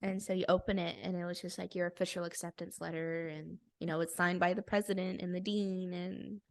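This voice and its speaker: A woman's voice: fairly low pitch, flat delivery, brisk, gravelly. A young woman co-hosting a podcast, telling a story in casual chat, bubbly and laughing often. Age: young adult. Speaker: podcast co-host.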